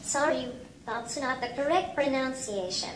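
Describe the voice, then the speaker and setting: Robot tutor, female synthetic voice, slow and high-pitched, polite fixed phrases, echoey room. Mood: patient. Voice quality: flat, evenly paced robotic speech. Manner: repeats the same set phrases. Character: small humanoid robot language tutor, polite and patient. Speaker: language tutor. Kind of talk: synthesized speech. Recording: echoey room with faint noise.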